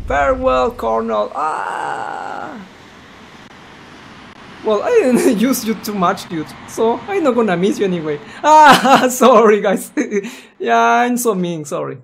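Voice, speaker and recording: A gaming channel host giving let's play commentary, swearing constantly and yelling at the game. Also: medium pitch, very animated, slow pace, vocal fry, slight background noise. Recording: loud game music behind.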